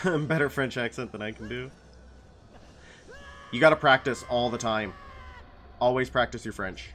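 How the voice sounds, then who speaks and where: A man's voice: mid-range voice, normal speed, a bit bright, a little hiss or hum. A man casually chatting while streaming a video game, rambling and playful, slipping into silly voices. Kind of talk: casual gameplay commentary.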